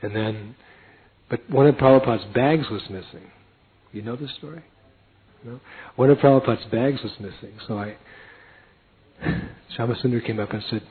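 A man with a husky voice telling a personal story in a lively way, acting out the other people in it. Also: mid-range voice. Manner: acts out other people's lines in quick voices. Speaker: storyteller recounting a devotee memory. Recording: tinny phone-like lo-fi recording.

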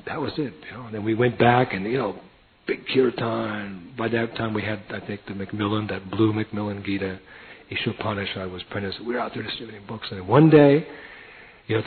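A man telling a heartfelt personal story in a sermon, earnest and sometimes dropping to a near whisper. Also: lowish voice. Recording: tinny phone-like audio.

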